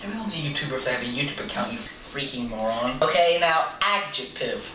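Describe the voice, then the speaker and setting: A man hosting his own video, talking loudly in casual game chat and teasing as he goes. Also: mid-range voice, lively intonation, a little fast, reverberant, recorded from a distance, a little hiss or hum, rough recording. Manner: joking, teasing; talks loudly. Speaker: video host.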